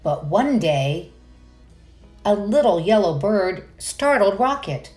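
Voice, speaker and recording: A woman with a fairly low, animated voice reads a children's picture book slowly over soft background music. She breaks in with enthusiastic asides for the young listeners.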